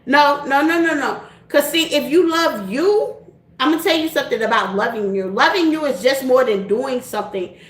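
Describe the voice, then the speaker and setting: A woman's voice: high voice, normal speed, reverberant. A middle-aged woman hosting a casual chat to her viewers, laughing often and repeating her points in a direct, folksy way. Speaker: tarot reader and channel host.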